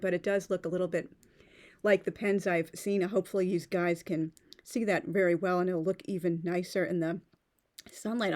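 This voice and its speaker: Woman, rambling unboxing vlogger, slightly low pitch, lots of fillers. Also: darkish tone. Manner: rambling, many fillers and restarts. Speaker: pen vlogger. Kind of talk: casual unboxing chat.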